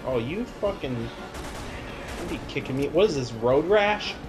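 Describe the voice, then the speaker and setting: Guy yelling and cursing at his game, slow drawl but pitch all over the place, game music playing. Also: lively intonation. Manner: exasperated, swears a lot, yelps in frustration. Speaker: gamer playing and commenting. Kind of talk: casual let's-play commentary.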